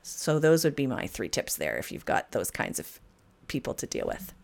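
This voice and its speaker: A woman hosting a podcast in casual chat, upbeat and quick to laugh. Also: rumbling low, wildly swooping pitch, creaky, darkish tone. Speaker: podcast host.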